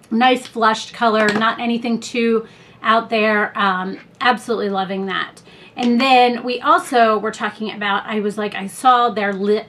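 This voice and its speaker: A woman's voice: fairly high pitch, a bit bright. A woman talking through a makeup haul in a chatty, rambling way, full of fillers and asides. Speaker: beauty vlogger. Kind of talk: casual product review haul.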